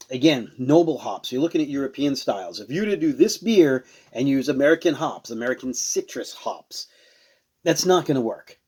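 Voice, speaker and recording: A man's voice: mid-range voice, darkish tone. A man casually reviewing and tasting beers on a show he hosts, rambling and searching for words as he goes. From Rhode Island. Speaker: beer reviewer.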